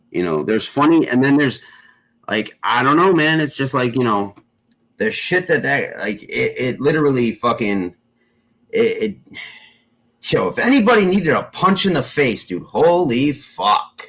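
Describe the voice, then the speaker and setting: A man's voice: mid-range voice, fairly bright tone, poor audio. A man hosting a casual chat show, rambling with lots of fillers and constant swearing. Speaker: show host.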